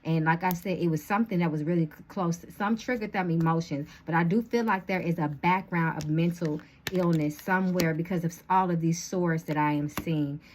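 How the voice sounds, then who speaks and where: A woman's voice: on the low side, brisk, few pauses, slight background noise. A woman reading tarot cards to her viewers in a casual chatty way, with a slight lisp from dental retainers. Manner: chatty, addresses viewers as y'all, thinks aloud. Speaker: tarot reader.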